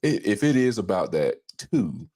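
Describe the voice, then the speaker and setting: A man's voice: on the low side, big pitch swings, moderate pace, mellow. A man hosting a podcast in easygoing casual chat, leading the conversation into each topic. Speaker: podcast host.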